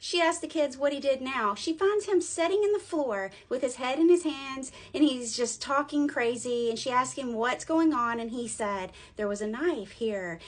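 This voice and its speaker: Woman, young adult, slightly high voice, casual storytelling, sarcastic, blunt, profane. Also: moderate pace, few pauses. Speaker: paranormal storyteller.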